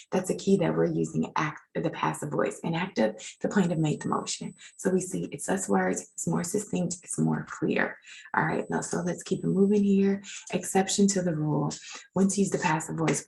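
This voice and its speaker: A woman's voice: on the low side, creaky, low-quality recording. A woman teaching legal writing in an informal recorded lecture, chatty and self-deprecating as she edits her slides.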